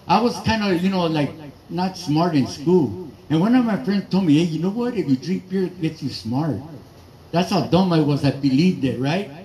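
A man's voice: fairly high pitch, darkish tone, low-quality recording. A man from East Los Angeles, doing a loose, rambling stand-up set with asides to the crowd. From East Los Angeles, USA. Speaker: stand-up comedian and emcee. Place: garage.

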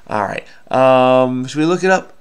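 With a clear, resonant, mid-range voice at a measured pace, a middle-aged host solves a crossword on video. He talks it through in a casual, self-muttering way, full of fillers, with his sentences often trailing away.

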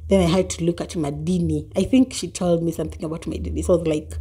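A young woman with a Kenyan accent chatting casually in a vlog, bubbly and quick to laugh, switching between English and Swahili. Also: lowish voice, steady tone, dark tone, husky. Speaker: vlogger.

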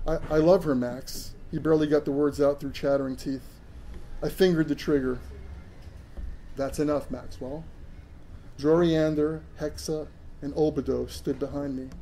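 A man's voice: fairly high pitch, mellow, slight background noise, rough recording. A man reading his own first-person science fiction story aloud, earnest, with occasional stumbles over words.

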